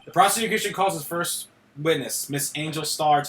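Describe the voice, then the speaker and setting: A man reading aloud the lines of a cold, sharp male prosecutor from a game, in a stiff, formal way. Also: fairly high pitch, normal speed, reverberant, close to an everyday voice.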